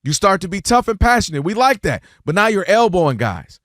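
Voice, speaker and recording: Male sports talk host, high lively voice, dry close sound, acts out quotes, repeats himself when fired up. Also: fairly quick, no room sound. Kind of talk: animated sports debate.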